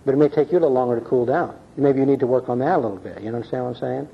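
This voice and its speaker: Older male Bible-class teacher, folksy and earnest, husky voice, dull lo-fi tape. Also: medium pitch, racing. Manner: folksy, earnest, asks "see?" and "okay?". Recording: muffled lo-fi recording.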